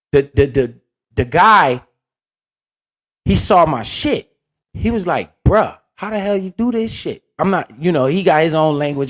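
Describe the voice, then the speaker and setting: A young man telling a casual, profane, slang-heavy story as the host of a finance video. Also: medium pitch.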